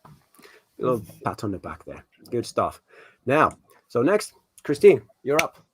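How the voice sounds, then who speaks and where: A man's voice: mid-range voice, sing-song, measured pace, noisy background. A man hosting a casual quiz on a video call, joking and playful as he reads out the questions. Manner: jokey, playful. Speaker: quiz host at an online party. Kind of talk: casual virtual party quiz.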